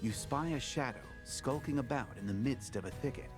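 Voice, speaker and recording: A man's voice: medium pitch, moderate pace, lightly acted. A man voicing the narrator of a video game, reading the tale as a theatrical game master over faint music. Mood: storytelling. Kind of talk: scripted storybook narration.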